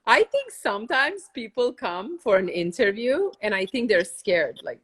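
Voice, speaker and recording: Excitable, blunt woman podcast host. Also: a little high, a little slow, breathy edge. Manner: blunt, excitable, self-mocking. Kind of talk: casual podcast chat.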